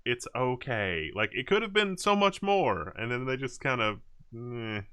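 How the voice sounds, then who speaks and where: A man's voice: mid-range voice, very animated, pushed and bright. A man hosting a live Q&A, chatting casually and laughing often. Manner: laughs often, drawn-out speech. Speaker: host.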